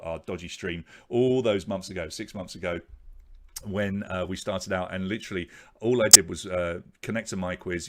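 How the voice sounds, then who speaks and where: A man with a somewhat low voice hosts a live online pub quiz from his home office. He chats casually with viewers, rambling with frequent fillers and restarts. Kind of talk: casual live-stream chat.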